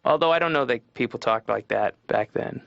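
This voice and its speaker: A man's voice: mid-range voice, fairly quick, vocal fry, dry recording, natural voice. A man doing a rambling, wry stand-up routine as a patient in a cartoon, heard as muffled lo-fi TV audio. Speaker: comedian patient.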